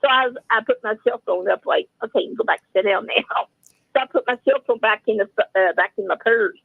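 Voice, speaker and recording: A woman's voice: a little high, brisk, vocal fry, no room sound. Chatty older woman on a tinny phone line. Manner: chatty, rambling, acts out dialogue. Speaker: open mic storyteller, regular guest. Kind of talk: casual storytelling.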